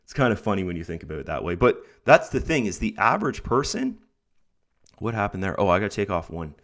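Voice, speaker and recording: A sick young man with a rough throat, chatting casually to his viewers as he talks them through his earnings online and keeps peppering his pep talk with "guys" and "right?". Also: fairly low pitch, very animated, fast talker, fairly bright tone. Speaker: online income vlogger. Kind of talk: casual talk to camera over screen recording.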